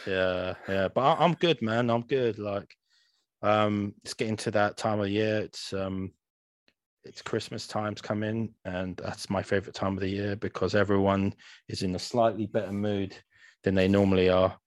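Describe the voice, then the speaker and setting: A man's voice: fairly low pitch, steady tone, normal speed, no room sound, studio quality. A young man co-hosting a gaming podcast in easygoing, sweary casual chat, peppering his talk with "man.". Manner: laid-back, sweary, says "man" a lot. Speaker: podcast co-host. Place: home room, green-screen beach backdrop.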